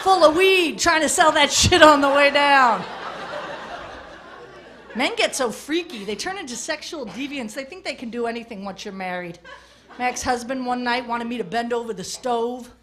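A woman's voice: high-pitched, lively intonation, normal speed. A woman doing crude, brash stand-up comedy on a club stage, heckling the audience. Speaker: stand-up comic. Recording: live club recording with crowd laughter and noise.

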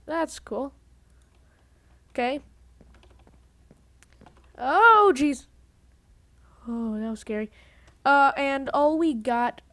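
A woman's voice: on the high side, dry recording. A woman giving casual let's-play commentary on a headset, rambling, grumbling and cutting herself off mid-sentence. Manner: rambling, self-interrupting, grumbling. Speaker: gaming video host.

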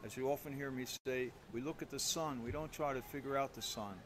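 Man, priest, homily, conversational storytelling, self-deprecating, mid-pitched voice, faint background noise. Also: steady tone, fairly quick. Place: church.

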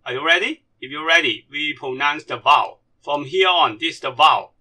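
Working through slides, a man whose first language is Cantonese teaches in non-native English and drills each syllable slowly, one after another. His voice is on the high side with a sharp tone.

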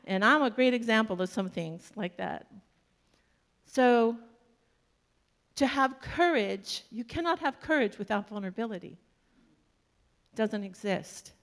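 Casting: woman minister, sermon delivery, slow and gravelly, storytelling with humor. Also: a little high, animated. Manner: storytelling, warm-humored, laughs often.

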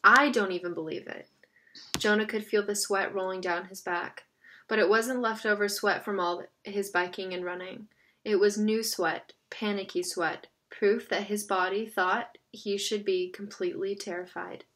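A woman reading a children's novel aloud in a steady storytelling manner, stumbling over a word now and then. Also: mid-range voice, normal speed. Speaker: narrator.

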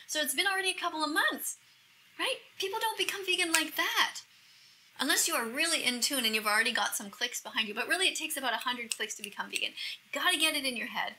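A middle-aged woman with a high, piercingly bright voice gushes emotionally to the camera. She reacts to a video and keeps slipping into breathy whispers. The delivery is intense and heartfelt. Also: lively intonation, fast, slight background noise, low-quality recording. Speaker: vegan activist vlogger.

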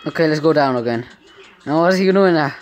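Excitable man narrating his gameplay. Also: fairly high pitch, fast, slight background noise. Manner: excitable, frequent startled exclamations. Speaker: gaming channel host. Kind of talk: live gameplay commentary.

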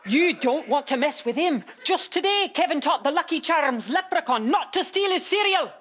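A woman's voice: high voice, lively intonation, moderate pace, fairly bright tone. A woman doing a cheeky nun. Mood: gossipy. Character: holier-than-thou nun correspondent, brash and chatty. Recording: live studio audience and music behind.

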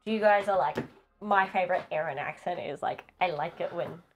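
A woman's voice: on the low side, brisk, faint music behind. A woman co-hosting a casual chat about tabletop games, chatty and laughing often. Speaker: co-host.

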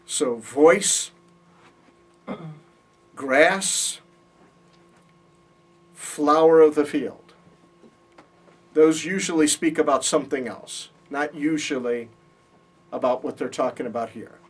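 A man lectures a Bible college class with patient explanations, checking in with his students along the way. His slightly rough, high-leaning voice is slow, with frequent pauses, and it sounds far off in the classroom.

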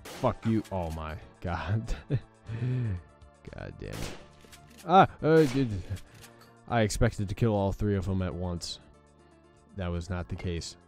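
A man's voice: low-pitched, expressive, slow pace, creaky, a little mellow, soft background music. Exhausted, swearing young man gaming. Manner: swears often, frustrated at the game. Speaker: gaming channel host. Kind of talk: let's play commentary.

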